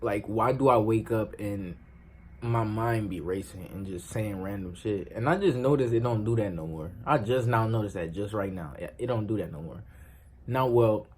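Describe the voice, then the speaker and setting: A man's voice: on the low side, moderate pace, darkish tone, slightly rough. A young man vlogging to camera in a loose, slangy, emphatic way, swearing freely. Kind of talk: casual talk to camera.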